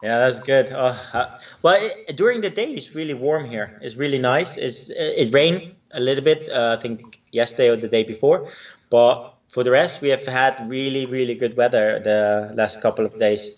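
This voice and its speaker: A man speaks as a guest over a remote call, and his voice sounds distant and dull. He talks at a middle pitch. He hesitates and restarts often in an easygoing way. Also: moderate pace. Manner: hesitant, lots of fillers and restarts, laughs easily. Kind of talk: casual remote chat.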